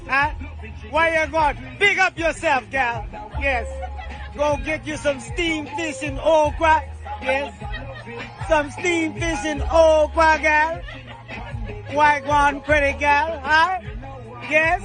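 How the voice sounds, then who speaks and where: Brief: rowdy, shouting comic character, played by a man, high and slow. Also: steady tone. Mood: rowdy teasing. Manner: shouting, teasing, high-pitched. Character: comedian impression of a loud Jamaican man. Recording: music playing loudly behind.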